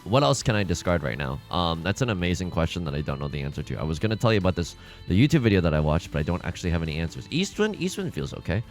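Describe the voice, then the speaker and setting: A man's voice: sits low, sing-song, very fast, soft background music. A young man casually commentating a tile game he is playing, rambling with self-mocking asides. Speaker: let's play host.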